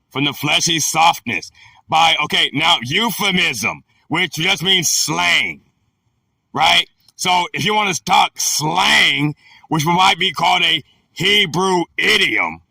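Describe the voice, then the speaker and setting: A man reading dictionary entries on scripture words and explaining them in loud, slangy bursts. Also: fairly high pitch, expressive, gravelly, no echo, recorded from a distance. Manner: reads definitions slowly, then riffs in loud slangy bursts. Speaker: scripture teacher. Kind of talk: bible word-study talk, reading then explaining.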